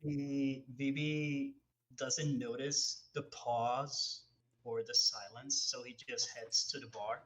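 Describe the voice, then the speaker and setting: Slow-talking man playing a tabletop game. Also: medium pitch, steady tone, a bit bright, rough recording. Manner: slow, switching between English and Spanish. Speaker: player.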